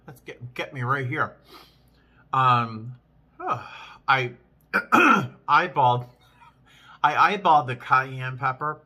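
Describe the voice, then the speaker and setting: A man casually vlogging while eating, chatting with frequent restarts and pauses to chew. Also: medium pitch, expressive, bright, forceful tone. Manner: chatty, chewing between sentences; rambling with many restarts. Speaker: vlogger, flight attendant.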